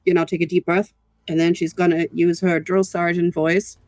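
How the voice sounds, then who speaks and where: Tabletop player, male, high voice, halting and repetitive, dry close mic. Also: no room sound. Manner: halting, repeats words when excited. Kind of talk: tabletop game play.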